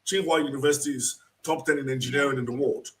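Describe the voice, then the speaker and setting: A man from Nigeria, a lecturer and interview guest, telling stories emphatically in an animated live online interview. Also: medium pitch, quick pace, background noise. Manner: animated, emphatic storytelling with acted-out quotes. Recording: distant from the mic.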